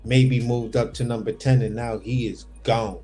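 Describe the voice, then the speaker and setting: A man's voice: medium pitch, fairly even intonation, normal speed, dark tone, soft background music. A man hosting a casual boxing talk over a remote livestream call, laid-back and rambling, swearing offhand. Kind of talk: casual chat.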